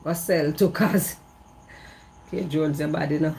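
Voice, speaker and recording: Low-voiced Jamaican woman gossiping. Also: steady tone, takes it slowly, vocal fry, pauses often, a little mellow, slight background noise. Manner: repetitive, emphatic storytelling in patois. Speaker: vlogger. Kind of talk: casual gossip monologue. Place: outdoors in the evening breeze.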